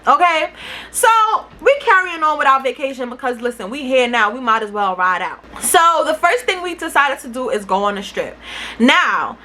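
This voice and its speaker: Young New woman vlogger, animated and slangy; bright, fairly high voice. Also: moderate pace, slight background noise. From New York City. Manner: animated, slangy, swearing freely. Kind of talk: casual storytime.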